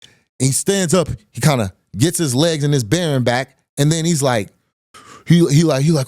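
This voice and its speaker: A man's voice: medium pitch, normal speed, no echo. Man vividly retelling a fight, dry sound. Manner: animated retelling, quotes others, repeats phrases. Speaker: podcast host telling a personal story. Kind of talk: casual storytelling.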